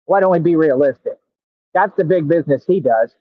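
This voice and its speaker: A brash, boastful man rants at his critics in a high, confrontational voice. The sound is tinny and phone-like, and very dry with no room around it. He drags out words slowly when he wants them to land. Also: no echo. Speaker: radio show host. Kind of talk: combative live-stream rant at commenters.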